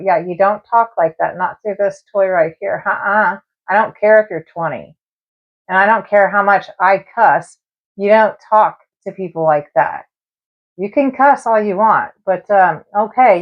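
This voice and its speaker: Female live-stream host, chatty and direct, mid-pitched voice, dull lo-fi sound. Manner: chatty, talks straight to viewers and spirits. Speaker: live-stream tarot and spirit box host. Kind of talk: casual live-stream chat.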